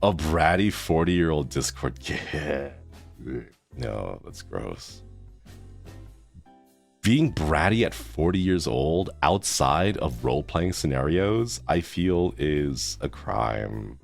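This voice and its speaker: A man's voice: rumbling low, sing-song, slow, creaky, faint music behind. A man in his thirties chatting casually on a live stream, reacting to chat with groans and laughs. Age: 30s.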